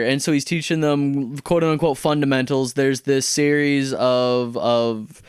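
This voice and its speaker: A man's voice: mid-range voice, steady tone, measured pace, hardly any pauses, clean tone, no echo, clean studio sound. A man co-hosting a podcast, chatting casually about a movie and rambling through long plot recaps. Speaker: podcast co-host. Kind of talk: casual movie review chat.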